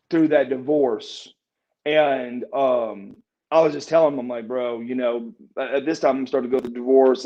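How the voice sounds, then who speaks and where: A man's voice: mid-range voice, a little mellow. A middle-aged man, a former wrestler, telling a rambling story in an interview, stumbling over repeated words and acting out what people said. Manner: rambling, repeats and restarts words, acts out quoted dialogue. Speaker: guest, former pro wrestler. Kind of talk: casual shoot interview storytelling. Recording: muffled lo-fi audio.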